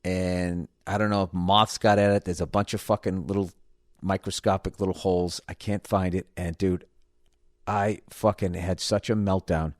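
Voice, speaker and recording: A man's voice: deep voice, no room sound, studio quality. Profane, exasperated man ranting on a podcast. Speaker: podcast host. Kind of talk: comedic podcast rant.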